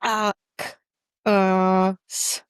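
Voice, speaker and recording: Very slow, smooth-voiced woman student. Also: medium pitch, flat delivery, dry recording, studio quality. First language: Russian. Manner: careful, repeats sounds after the coach. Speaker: pronunciation student. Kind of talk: repeating sounds in a lesson.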